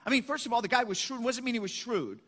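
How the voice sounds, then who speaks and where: A man's voice: very high-pitched, animated, very fast, fairly bright tone. A man preaching a sermon, emphatic, asking questions and answering them himself. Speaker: pastor. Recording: echoey hall.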